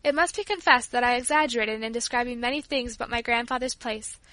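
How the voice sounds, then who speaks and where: Woman audiobook reader, high bright voice, clear even narration, dry close sound. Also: fast, no room sound. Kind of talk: scripted narration.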